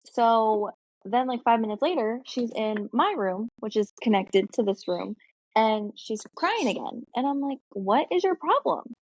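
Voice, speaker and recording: A woman co-hosting a podcast, telling a long casual story full of "like" and "um" and quick laughs. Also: on the high side, a little mellow, dull audio, slight background noise. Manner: chatty storytelling with frequent fillers and laughs. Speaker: podcast co-host. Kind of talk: casual chat.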